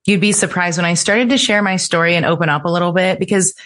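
Low-voiced middle-aged woman telling her story. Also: steady tone, quick pace, a bit bright. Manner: earnest, voice lifting sharply when she quotes people. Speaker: interview guest. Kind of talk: personal story in conversation.

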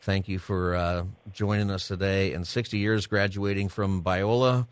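A man's voice: low voice, fairly even intonation, moderate pace, clear, resonant tone, no room sound. A man hosting a live radio interview, talking in a conversational, heartfelt way with frequent chuckles. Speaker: radio show host.

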